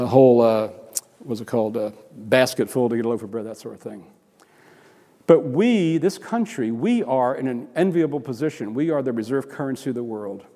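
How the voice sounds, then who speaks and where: A man preaching a sermon in a conversational, rambling way, full of restarts and asides, his voice climbing high and animated whenever he acts out what other people say. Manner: rises high and animated when acting out quotes. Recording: long hall reverb.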